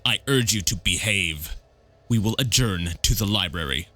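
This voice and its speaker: A man's voice: low-pitched, lively intonation, moderate pace, bright, forceful tone, voice pushed down, full character voice. A man voicing a cold, stern wealthy older man with a clipped, commanding delivery.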